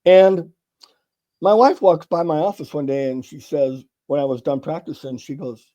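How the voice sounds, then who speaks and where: In a somewhat dull, lo-fi recording, a sales author from California guests on an interview and spins anecdotes at a moderate pace. He's middle-aged, with a slightly high yet mellow, relaxed voice, and he voices the characters animatedly, swearing casually.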